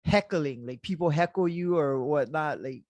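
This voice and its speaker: A male podcast host with a high voice, recorded close and dry with no room sound. He asks questions in an easygoing, chatty way, full of fillers and quick laughs. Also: a little mellow, no room sound. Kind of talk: casual interview chat.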